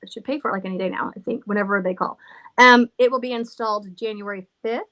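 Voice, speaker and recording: A woman's voice: medium pitch, steady tone, fast talker, a bit bright. A middle-aged woman who owns a haunted house, rambling through stories in casual chat, laughing and swearing freely. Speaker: haunted villa owner.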